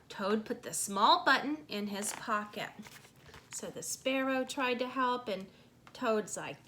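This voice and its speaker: A woman reading a children's storybook aloud at an unhurried pace, breaking off for chatty asides to young listeners. Her voice is bright and fairly high, with lively pitch that rises and falls. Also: a little hiss or hum.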